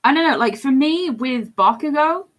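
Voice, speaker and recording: A woman's voice: high voice, animated, normal speed. A woman who streams and does voice acting, chatting casually and rambling as she talks. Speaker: streamer and voice actor. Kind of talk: casual chat while drawing on stream.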